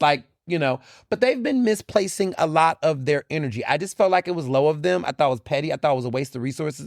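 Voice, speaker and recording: Blunt, animated man hosting a podcast. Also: fairly high pitch, no echo, studio quality. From United States. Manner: animated, blunt and profane, with laughs. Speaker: podcast host. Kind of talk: casual opinion monologue.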